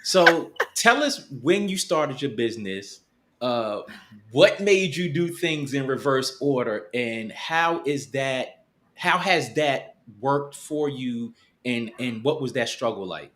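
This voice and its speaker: Podcast host, slow and halting, full of fillers, warm murmurs between questions. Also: mid-range voice, expressive. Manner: unhurried, halting, many fillers and encouraging murmurs. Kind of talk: interview questions, casual.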